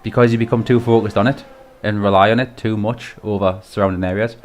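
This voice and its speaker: A man's voice: on the low side, steady tone, fast talker, a little mellow, slight background noise. Chatty man commentating a race stream. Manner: chatty, laughs often, swears casually. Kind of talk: casual live-stream commentary.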